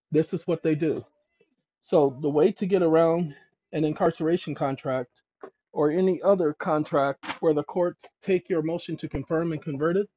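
A channel host with a slightly high voice explains legal procedure to his viewers, emphatic and conversational, calling them "ladies and gentlemen" and thinking aloud as he goes through documents. The recording is dull, lo-fi and dry.

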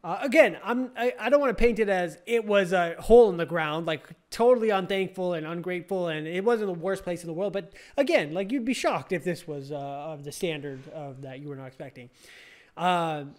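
A young man from California, a podcast host, casually recounts a story in a high, brisk voice. He rambles, with lots of fillers and restarts.

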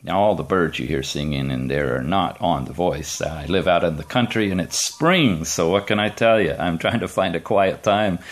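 A man's voice: low voice, vocal fry. A man hosting a casual, chatty gadget demo from his rural home, enthusiastic and joking. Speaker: tech reviewer host.

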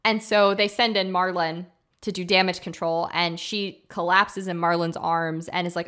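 A woman co-hosting a casual podcast, her voice sitting a little low. She retells a film in animated fashion, slipping into the characters' quoted lines between plenty of fillers. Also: normal speed. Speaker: podcast co-host.

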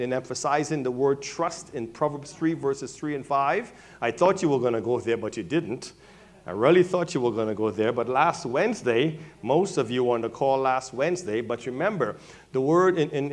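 Preaching pastor, man, quiet to loud. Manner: preaching, calling out congregation members by name; swings from quiet to loud and high. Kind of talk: sermon. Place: church sanctuary.

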